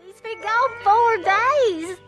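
A woman's voice: extremely high pitch, animated, slow, fairly bright tone, faint music behind, pitched above the performer's own voice, full character voice. A woman voicing a naive young female squid girlfriend in a cartoon, with a Southern accent and an earnest, pleading manner. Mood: worried. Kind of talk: animated cartoon voice acting.

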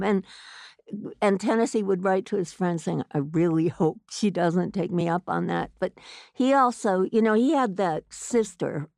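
A woman's voice: mid-range voice, normal speed, vocal fry, a little mellow, no room sound, clean studio sound. A woman author answering interview questions in a thoughtful, hesitant way with many fillers.

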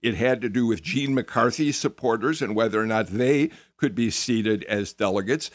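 A man hosts a radio interview, speaking conversationally and often restarting his phrases. His voice sits at a middle pitch, and the studio sound is dry and close. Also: normal speed, no echo. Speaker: radio host.

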